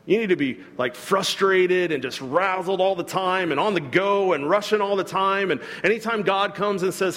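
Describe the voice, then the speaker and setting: Conversational pastor preaching in a reverberant hall. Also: male voice, high voice, fairly quick, fairly bright tone. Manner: conversational, acts out quoted voices, self-deprecating humor. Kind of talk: sermon. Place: church hall.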